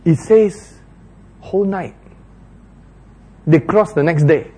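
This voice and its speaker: A man's voice: on the high side, slow pace, darkish tone, husky. A man preaching a sermon, laughing often and acting out biblical dialogue with sudden jumps in his voice.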